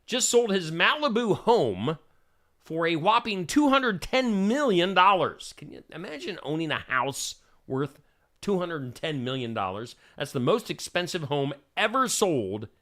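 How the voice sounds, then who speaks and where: A man runs through the day's headlines in a chatty news-roundup style and drops opinionated asides between stories. His voice sits a little high and swings up and down with animated energy. The tone is bright and forceful. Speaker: host.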